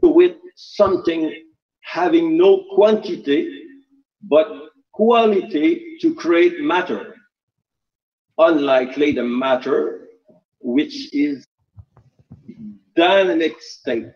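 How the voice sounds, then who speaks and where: A man with a Quebec French accent asks his questions in careful, deliberate English, a little higher than most men. He speaks slowly, and the audio is dull and lo-fi, like an online call. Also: animated. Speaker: caller asking questions.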